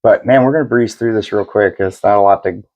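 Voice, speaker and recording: Talking fast in a lowish, darkish voice, this young co-host spins casual, profane, meandering history stories on a podcast. He acts out what people said.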